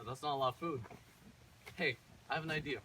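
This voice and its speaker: A man voicing a sad, gentle woodcutter father who talks softly and hesitantly. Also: on the high side, a little fast, slight background noise, poor audio.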